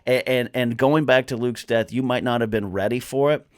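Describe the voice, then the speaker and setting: A man's voice: mid-range voice, fairly quick, no echo, clean studio sound. A man on a podcast as a guest, talking casually and animatedly, rambling with lots of restarts. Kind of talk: casual chat.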